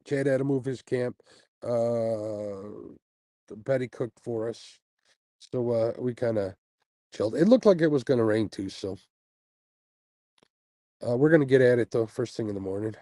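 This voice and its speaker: A man's voice: mid-range voice, measured pace, long pauses, dark tone, no room sound, rough recording. A man hosting a casual fishing-channel livestream, chatting with viewers in a laid-back way and sounding sleepy. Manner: laid-back, chatty, with frequent fillers and little laughs. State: sleepy, yawning after a night without sleep. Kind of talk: casual livestream chat, reading viewer comments. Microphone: earbuds mic on a phone stream.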